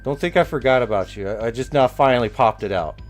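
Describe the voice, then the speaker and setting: A man's voice: mid-range voice, fast talker, soft background music. A man hosting a live game stream in casual chat, playful and teasing as he works the stream. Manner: playful, teasing, talks while working the stream. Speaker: streamer host.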